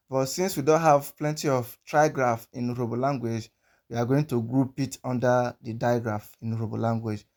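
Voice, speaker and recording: A man's voice: mid-range voice, a little mellow. Patient male language teacher drilling sounds. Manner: patient, repeats example words many times. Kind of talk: instructional explanation with repeated pronunciation drills.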